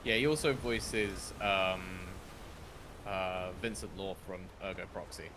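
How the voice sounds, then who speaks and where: A man chatting casually on a game stream, calmly correcting a friend's facts. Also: low-pitched, slow pace, noisy background. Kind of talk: casual chat.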